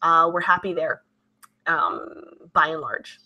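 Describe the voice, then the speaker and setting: A woman's voice: deep voice, lively intonation, takes it slowly, sharp tone, dull audio. A woman hosting a live stream, reading viewer comments aloud and answering them in a chatty, conversational way. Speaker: livestream host reading viewer chat. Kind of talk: casual live-stream chat.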